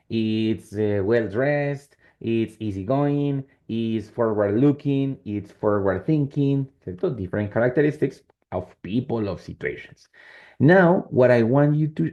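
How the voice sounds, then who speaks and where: During an online class, a Spanish-speaking man teaches English, moving back and forth between the two languages and frequently checking that students follow. His voice is medium-pitched and dark, with the high frequencies cut off.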